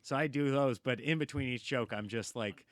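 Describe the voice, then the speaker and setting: A man, a comedian guest on a podcast, telling a long story in a lively, casual way and acting out the quotes. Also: mid-range voice, moderate pace, no echo, clean studio sound. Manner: animated storyteller, acts out quotes, laughs often.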